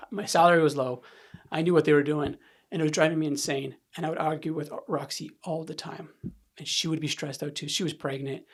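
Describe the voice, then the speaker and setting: A man's voice: a little high, a bit bright, slightly rough. A man in his thirties, a podcast guest, telling a painful personal story candidly and emotionally, repeating words and sniffing as he talks. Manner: candid, halting, repeats words when upset.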